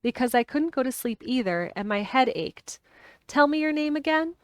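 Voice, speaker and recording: A woman's voice: sits high, lively intonation, normal speed, smooth, no echo, studio quality, voice pushed up. A woman reading aloud, voicing a blunt, curious young girl who asks direct questions.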